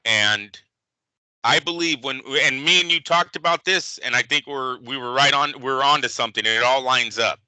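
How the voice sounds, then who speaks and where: Loud bright-voiced guy on a fight podcast, swears a lot, very dry close sound. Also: mid-range voice, moderate pace, clean tone, no room sound, rough recording. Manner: animated, profane, emphatic. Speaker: boxing podcast co-host. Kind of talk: casual sports chat.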